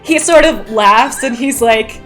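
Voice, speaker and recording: A woman's voice: a little high, measured pace, fairly bright tone, faint music behind. Woman narrating a tabletop game. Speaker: game master.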